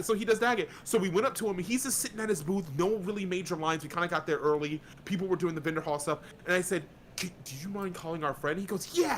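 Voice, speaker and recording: A man from Florida, a guest on a casual podcast, telling lively stories and swearing freely. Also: high-pitched, slight background noise. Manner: animated storyteller, slips into quick voices, swears freely.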